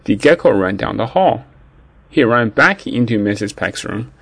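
A man narrating a children's story in an expressive read-aloud manner. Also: mid-range voice, moderate pace, gravelly, breathy edge, no room sound.

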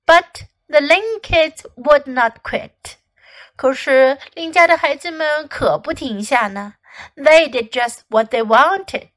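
A woman English teacher reading a children's storybook aloud in two languages, slow and expressive. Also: high-pitched.

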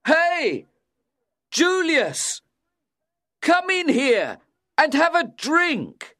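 A man voicing a drunken, unsteady young man who shouts and insists. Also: fairly high pitch, sing-song, drawn-out words, dry recording, studio quality, voice pushed up, exaggerated voice. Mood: shouting.

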